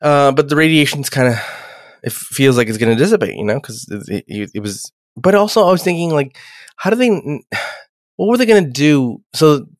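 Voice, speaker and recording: A man's voice: a little high, lively intonation, dry recording, clean studio sound. Rambling, cursing man on a podcast. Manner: rambling, profane, acts out characters in quick voices. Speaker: podcast host recapping an episode. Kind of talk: casual chat.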